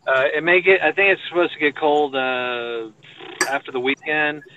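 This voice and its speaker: A man's voice: fairly high pitch, steady tone, moderate pace, phone-quality sound, background noise. A man from Texas with a Texan accent, chatting casually from a parked car, rambling with lots of fillers. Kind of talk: casual chat.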